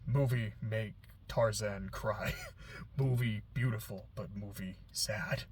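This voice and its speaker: A man's voice: lowish voice, steady tone, takes it slowly, slight background noise, voice pushed down. A man putting on a jungle-man voice for Tarzan, speaking in blunt, broken phrases. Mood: mock-solemn. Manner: caveman-style broken phrases.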